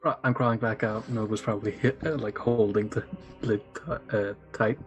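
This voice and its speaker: A man playing a tabletop game, describing his character's antics in a rapid-fire, playful way. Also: on the low side, steady tone, faint music behind, rough recording. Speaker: player.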